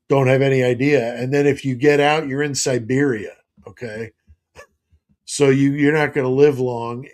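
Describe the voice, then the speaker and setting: A man's voice: medium pitch, a little mellow. A middle-aged man hosting a live stream, chatting casually and rambling as he reads out viewer comments.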